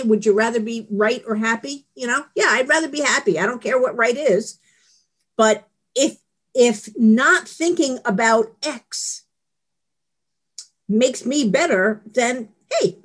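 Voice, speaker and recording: A middle-aged woman giving a candid, rambling personal share at a support meeting, laughing at herself. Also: on the high side. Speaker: recovery meeting speaker.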